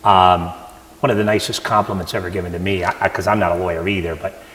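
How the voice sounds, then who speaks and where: A man's voice: deep voice, little pitch movement, quick pace, fairly bright tone. A man hosting a television interview, asking questions conversationally with frequent stammered restarts. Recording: roomy with long reverb.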